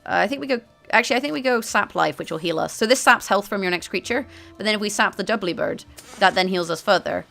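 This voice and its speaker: A woman's voice: medium pitch, fast talker, vocal fry, bright, forceful tone, faint music behind. A woman hosting a card game video, chatting to her viewers about strategy as she plays and often correcting herself mid-sentence. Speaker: gaming video host. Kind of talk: card game play-through commentary.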